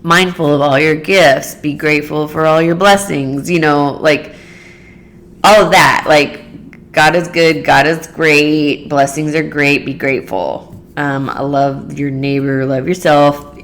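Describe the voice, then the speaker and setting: Low-voiced woman rambling earnestly. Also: fairly even intonation, measured pace. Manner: earnest, rambling, many "like" fillers. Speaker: podcast host. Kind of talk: casual solo podcast monologue.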